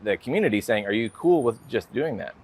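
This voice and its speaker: An American guest artist with a husky, medium-pitched voice sounds animated and brisk. His interview talk is casual and meandering, stuffed with "like" and "you know" fillers.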